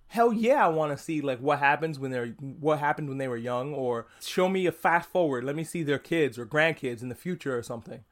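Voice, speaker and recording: A young man hosts a casual podcast and reviews a show on his own, swearing freely and jumping into quick impressions of the characters. His voice sits a little higher than most men's. His delivery is loose, animated and chatty. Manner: animated and profane, acts out characters' lines in quick asides. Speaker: podcast host.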